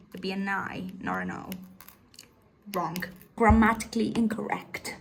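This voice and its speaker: A young woman from Italy chatting in a casual reading vlog, with animated, swearing, ranting reactions to the story. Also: mid-range voice, moderate pace, slight background noise. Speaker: book vlogger.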